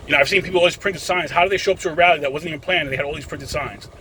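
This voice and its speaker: Fast-talking man rambling outdoors. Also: on the high side, bright, forceful tone, a little hiss or hum, poor audio. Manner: rambling, talkative, addresses viewers as folks. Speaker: vlogger. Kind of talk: casual rant to camera.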